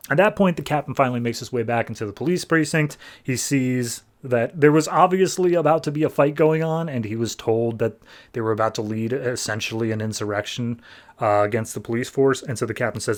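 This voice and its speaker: A young man co-hosting a comic book podcast, retelling the story in a relaxed, chatty way. His voice sits in an ordinary middle pitch. He keeps dropping into brief quoted lines from the characters as he summarizes. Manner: summarizes plots with quick acted-out quotes of characters. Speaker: podcast co-host. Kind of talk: casual comic book recap.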